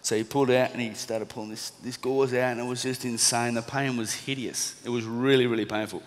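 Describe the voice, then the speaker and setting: An Australian former boxer in his thirties, now a motivational speaker, tells a live audience a lively story a little fast, his mid-range voice echoing through a reverberant hall. He performs the quoted lines of the people involved and laughs at himself.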